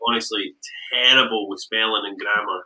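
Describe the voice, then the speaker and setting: A man's voice: on the low side, fairly even intonation, fairly quick, sharp tone, low-quality recording. A man in his thirties hosting a podcast in casual, upbeat, self-deprecating chat. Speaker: podcast host.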